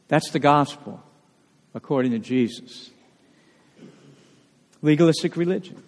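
A male pastor preaching a sermon, animated and full of rhetorical questions. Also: on the high side, unhurried, pauses often. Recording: long reverb of a church hall.

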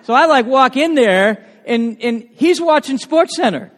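Animated high-voiced male preacher. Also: measured pace, big-room sound. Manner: animated storytelling with frequent restarts. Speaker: pastor. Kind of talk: sermon.

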